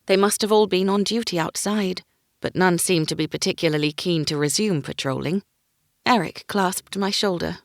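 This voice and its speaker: A woman's voice: on the low side, moderate pace, no room sound, studio quality. A woman narrating a first-person fantasy audiobook, giving each character a voice.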